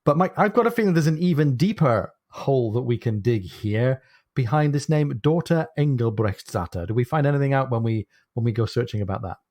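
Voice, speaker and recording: A man's voice: mid-range voice, lively intonation, brisk, a little mellow, no room sound. A man co-hosting a book podcast, explaining details with enthusiastic digressions. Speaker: podcast co-host. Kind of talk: casual book discussion.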